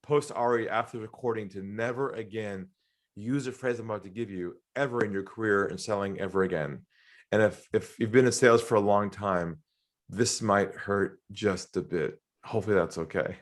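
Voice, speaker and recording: A middle-aged Australian man telling sales stories in an interview, animated, often acting out the voices of the people in them. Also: fairly low pitch, moderate pace. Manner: animated storyteller, acts out quoted voices, laughs often. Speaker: sales trainer guest. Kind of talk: storytelling interview talk.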